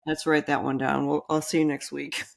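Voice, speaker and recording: Woman, low register, business coach type; easygoing podcast talk, drifts into asides. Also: level tone, vocal fry. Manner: rambling with quick restarts and asides. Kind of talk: casual podcast chat.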